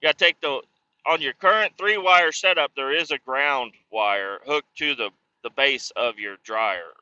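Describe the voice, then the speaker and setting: A man in his thirties talks through a trucking game in a loose, rambling way, dropping curse words as he drifts into stories. His voice is bright and forceful. It comes through a dry, slightly muffled mic. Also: mid-range voice, measured pace, no echo. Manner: rambling, profane, laid-back. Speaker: streamer playing a trucking game. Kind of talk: casual gameplay chat and storytelling.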